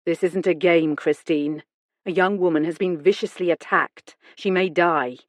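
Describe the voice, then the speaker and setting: A woman voicing a male police detective who questions a suspect in a measured, insistent way. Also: lowish voice, dry recording, lightly acted. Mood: firm.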